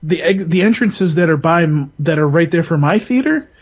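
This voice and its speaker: A man's voice: a little high, lively intonation, normal speed. A man co-hosting a podcast, telling stories in a loose, laughing, swearing way. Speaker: podcast co-host. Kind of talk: casual chat. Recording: dull lo-fi sound.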